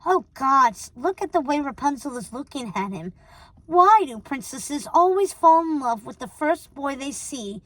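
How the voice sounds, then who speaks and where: A woman voicing a witch sister who speaks in a shrill, exasperated, mocking way. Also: expressive, a little slow, fairly bright tone, no echo, poor audio.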